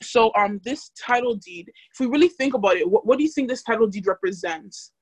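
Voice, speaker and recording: A woman's voice: on the high side, lively intonation, fairly quick, darkish tone, breathy edge, no room sound. A young woman casually teaching a Bible study, chatty and full of fillers, asking the group questions.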